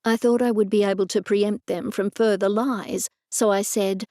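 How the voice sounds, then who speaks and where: A woman narrating a cozy mystery audiobook in the first person, measured and even. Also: mid-range voice, no room sound, studio quality.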